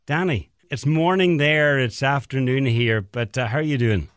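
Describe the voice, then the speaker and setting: Radio host, dry studio sound. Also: male voice, medium pitch, moderate pace, clear, resonant tone, no echo. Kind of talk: radio interview.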